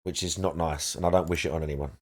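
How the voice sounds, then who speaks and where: A man's voice: a bass voice, fairly even intonation, quick pace. A man streaming a game live, chatting casually and rambling as he searches aloud for the right words. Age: adult parent.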